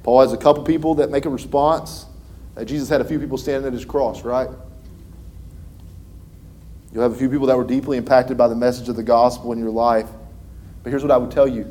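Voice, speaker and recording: A man's voice: medium pitch, fairly even intonation, fairly quick, dark tone. A man preaching a sermon, building emphasis and checking in with the congregation. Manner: preaching with rising emphasis and frequent "right?" asides. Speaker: pastor.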